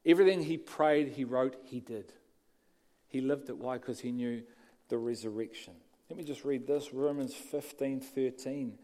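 A man preaching a sermon, shifting between quiet passages and emphatic lines. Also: medium pitch, moderate pace.

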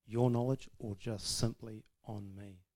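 A man's voice: lowish voice, fairly even intonation, a little slow, dark tone. A man giving an informal, self-deprecating testimony about marriage to a church audience, laughing often. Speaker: speaker sharing about marriage.

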